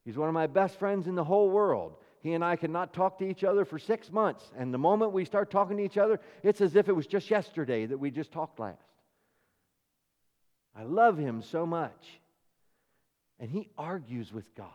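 A man's voice: on the high side, lively intonation, moderate pace, a little mellow, muffled recording. Preaching man in a reverberant hall. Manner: emphatic preaching with rising and falling intensity. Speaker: pastor. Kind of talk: sermon.

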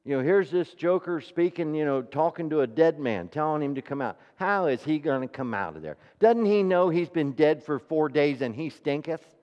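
A man preaching a sermon, asking the congregation rhetorical questions and swinging between hushed, near-whispered passages and loud, ringing declarations. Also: animated, moderate pace, hardly any pauses. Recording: reverberant hall, dull low-fidelity sound.

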